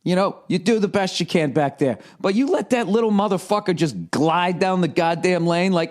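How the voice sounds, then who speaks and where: A middle-aged man and comedian, ranting casually to his listeners with heavy profanity, animated and mocking. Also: sits high, moderate pace, few pauses. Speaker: comedian and podcast host. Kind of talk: casual rant.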